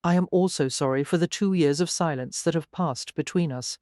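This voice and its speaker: An earnest young gentlewoman, as the narrator puts her on, speaks softly and with care in a storybook reading. The sound is dry and close. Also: medium pitch, fairly quick, no echo, close to an everyday voice. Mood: contrite.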